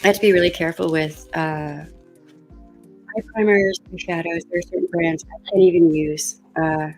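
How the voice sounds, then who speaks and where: A woman's voice: fairly low pitch, steady tone, normal speed, a little mellow, faint music behind. A woman vlogger chatting casually while doing her makeup, thinking aloud with fillers and coughing now and then as she gets over a cold. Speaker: beauty vlogger.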